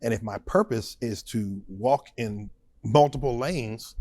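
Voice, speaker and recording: A man's voice: mid-range voice, measured pace, dry recording. A man being interviewed as a supporting vocalist, talking emphatically and animatedly and laughing easily. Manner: emphatic and animated, punctuating points with short stressed words. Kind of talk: conversational interview.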